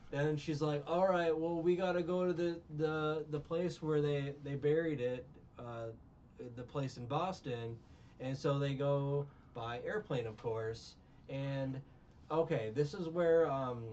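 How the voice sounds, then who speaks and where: A man's voice: mid-range voice, slow, darkish tone, distant mic, dull audio, a little hiss or hum. A man recapping a film in casual chat, rambling and sarcastic, with many restarts. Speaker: podcast co-host recapping a film.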